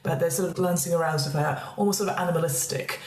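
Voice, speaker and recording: A woman narrating a tabletop role-playing game as game master, in a relaxed way with many hedging fillers. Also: lowish voice, quick pace. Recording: echoey room.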